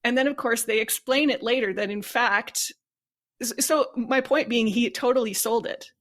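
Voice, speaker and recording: A woman's voice: fairly high pitch, moderate pace. A woman on a podcast panel, talking enthusiastically in casual discussion and stretching words for emphasis.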